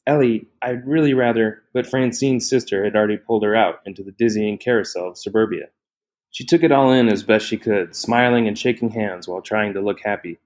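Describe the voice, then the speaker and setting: Brief: a man reading fiction aloud, low voice, steady and measured. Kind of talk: novel reading.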